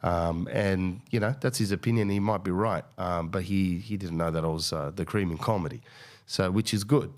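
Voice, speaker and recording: Deep-voiced rambling comedian. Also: male voice, moderate pace, a little mellow. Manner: hesitant, many fillers and restarts, profane. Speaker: comedian and podcast host. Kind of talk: casual rambling monologue.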